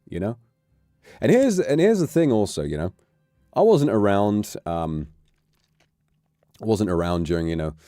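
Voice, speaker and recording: A man with an English accent chatting casually on a stream, rambling from joke to joke. His low, warm, mellow voice swings widely in pitch as he gets animated. The sound is dry and close. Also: no echo. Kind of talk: casual chat.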